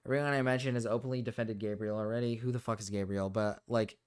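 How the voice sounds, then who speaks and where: A man's voice: on the low side, fairly even intonation, fast, smooth. A man streaming live, reacting to online drama with heated, profane ranting and frequent restarts.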